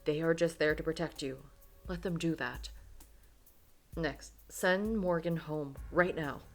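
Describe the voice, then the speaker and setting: A woman's voice: low voice, a little slow, soft background music. A woman doing a stern, commanding grandpa. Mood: firm. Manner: firm, clipped orders.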